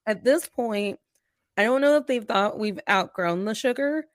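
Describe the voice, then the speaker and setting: A woman's voice: a little high, normal speed, no room sound. Woman guest on a chill podcast, laughs a lot, whispers the juicy bits, dry close mic. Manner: animated, laughs often, drops to a hushed whisper for asides. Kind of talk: casual podcast chat.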